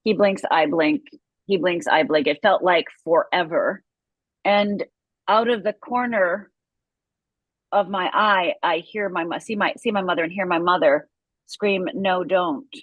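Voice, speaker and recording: A woman's voice: on the low side, a little slow, no room sound, narrow, tinny audio. A middle-aged woman from Upper Michigan, a guest telling her life story with intense, vivid storytelling. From Upper Michigan, USA. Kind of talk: personal story in an interview.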